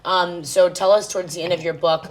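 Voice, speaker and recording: A woman with a low voice hosts a podcast interview. She encourages her guest and affirms what she says, and her questions ramble a little. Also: steady tone, brisk, low-quality recording. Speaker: podcast host.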